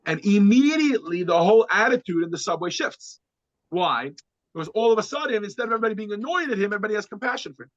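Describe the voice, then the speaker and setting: Male teacher with a high voice, lecturing and telling a story with many restarts; dry, muffled sound. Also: quick pace, no echo. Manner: repeats words and restarts often, animated when quoting. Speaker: class teacher.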